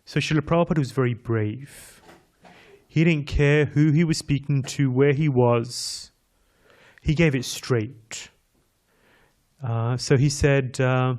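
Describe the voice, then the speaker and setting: Visiting English preacher, male, mid-pitched, easygoing sermon that draws in the crowd with questions. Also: takes it slowly, pauses often, a little mellow. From England. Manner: chatty, addresses the audience directly with questions. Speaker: visiting speaker at a temple class. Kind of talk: conversational sermon.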